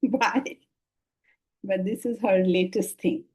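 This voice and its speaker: Husky older Indian woman teaching. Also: medium pitch, slow pace, poor audio. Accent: Indian English. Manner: lively, rhetorical questions, frequent laughter. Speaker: Vedanta teacher. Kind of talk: spiritual lecture on scripture.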